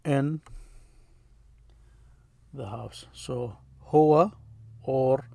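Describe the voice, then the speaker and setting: A man teaching vocabulary as a language lesson, slow and halting, with many fillers, repeating words for practice. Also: medium pitch, vocal fry, darkish tone, no echo.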